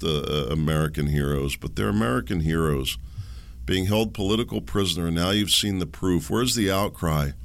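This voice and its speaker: Middle-aged male podcaster, deep gravelly rasp, sarcastic rambling rant. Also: a bit bright. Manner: rambling, sarcastic ranting with chuckles. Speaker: podcast host. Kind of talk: solo podcast monologue.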